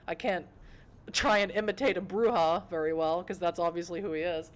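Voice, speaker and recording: A woman's voice: fairly low pitch, fairly even intonation, brisk. A young woman streaming a story game, reading it aloud with giggly, self-mocking asides.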